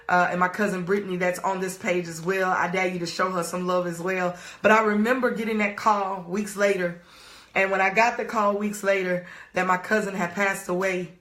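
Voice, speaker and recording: Emphatic woman coach, bright echoey voice. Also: medium pitch. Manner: emphatic, urging viewers to type and react. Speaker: life coach hosting a live stream. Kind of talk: live-streamed motivational talk.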